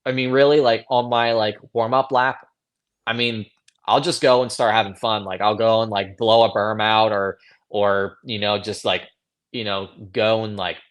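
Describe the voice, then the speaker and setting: An earnest male motocross racer giving advice in a relaxed interview. His voice sits on the low side, and he strings thoughts together with constant "like" and "you know" fillers. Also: normal speed. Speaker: motocross racer, podcast guest. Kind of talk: casual interview chat.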